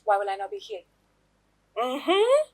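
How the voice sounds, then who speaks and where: A Nigerian woman playing a jealous, dramatic girlfriend in a Nollywood film, loud and mocking. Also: on the high side, huge pitch swings, unhurried, full character voice. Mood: suspicious. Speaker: actress.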